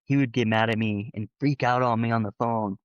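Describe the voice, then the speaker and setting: A man talks through a long personal story in a loose, rambling way, full of fillers and animated asides. His voice sits at a middling pitch. The sound is dry, with a slightly dull, lo-fi quality. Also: brisk, dry recording. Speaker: panel guest, former church member. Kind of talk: casual conversational storytelling.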